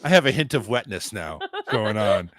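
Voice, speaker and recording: A man's voice: normal speed, dry recording. A man hosting a radio talk show, teasing and joking crudely in casual studio chat. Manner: playful, crude, teasing, very lively pitch.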